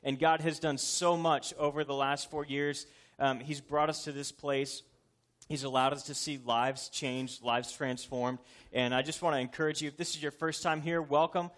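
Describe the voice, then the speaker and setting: A man's voice: on the high side, fairly even intonation, moderate pace, fairly bright tone. Joking, earnest male pastor preaching. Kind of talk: sermon.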